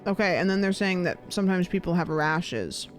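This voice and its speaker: A woman's voice: on the low side, animated, normal speed, faint music behind. Chatty woman streamer playing a game. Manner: chatty, thinks aloud with fillers. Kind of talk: casual game commentary.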